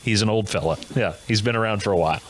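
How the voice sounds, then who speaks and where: A man's voice: lowish voice, fast, a little hiss or hum. A man hosting a comedic news monologue who laughs at his own gags. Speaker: comedy show host.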